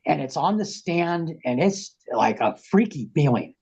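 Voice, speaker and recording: A middle-aged man on a podcast, rambling through an animated, slangy story and acting out what people said. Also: fairly high pitch, a little slow, breathy edge. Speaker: podcast guest. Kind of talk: casual storytelling.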